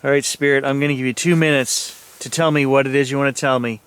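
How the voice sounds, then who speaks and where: A man's voice: medium pitch, fairly even intonation, quick pace, a bit bright, a little hiss or hum. A man vlogging alone outdoors at night, talking nervously and thinking aloud to his viewers. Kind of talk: ghost-hunting vlog, talking to viewers.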